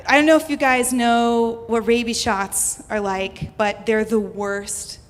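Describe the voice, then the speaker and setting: A woman's voice: on the high side, steady tone, unhurried. Young American woman, live storyteller, chatty and laughing, stage mic in a reverberant hall. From United States (Houston). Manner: chatty, laughs often, heavy use of "like". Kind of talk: personal story told live to an audience. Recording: reverberant hall, faint noise.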